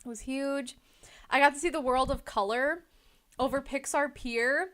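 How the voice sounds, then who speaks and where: A woman's voice: sits high, normal speed, a bit bright. A young woman co-hosting a podcast, chatting casually and rambling with lots of likes and ums. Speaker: podcast co-host. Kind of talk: casual chat.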